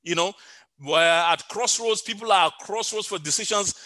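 A man's voice: sits high, normal speed, pushed and bright, no echo. A middle-aged man preaching a sermon over an online call, telling a story with many fillers and repeated phrases.

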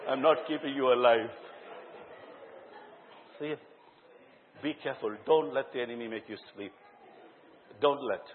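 A man's voice: mid-range voice, measured pace, pauses often, a little hiss or hum. Man preaching in an echoey hall. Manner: questions the congregation directly and tells lively anecdotes. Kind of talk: sermon. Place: church hall before a congregation. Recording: echoey hall, tinny phone-like sound.

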